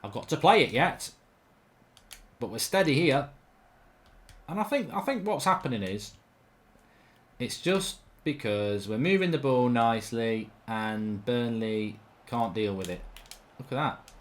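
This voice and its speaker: A man commentating on his own football video game in a chatty, rambling way, erupting into loud shouts when a goal goes in. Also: medium pitch, unhurried, pauses often. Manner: excitable, bursts into loud shouting over goals. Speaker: gaming commentator.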